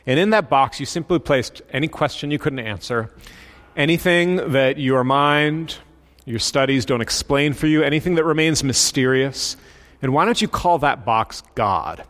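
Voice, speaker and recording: A man voicing a gentle, inviting pastor. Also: mid-range voice, moderate pace, in a large hall, lightly acted.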